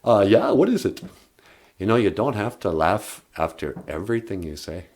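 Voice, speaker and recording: A man co-hosting a podcast in easygoing, halting casual chat with many fillers. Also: fairly low pitch, lively intonation, darkish tone. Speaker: podcast co-host. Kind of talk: casual comedic radio chat.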